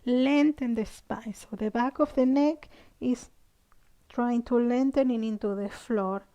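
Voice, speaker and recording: Woman over 50, unhurried, slightly high voice, gentle yoga cueing, soft whispers. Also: highs cut off. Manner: gentle cueing with frequent "yeah?" checks, some whispered counts. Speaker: yoga instructor. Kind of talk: guided yoga class instruction.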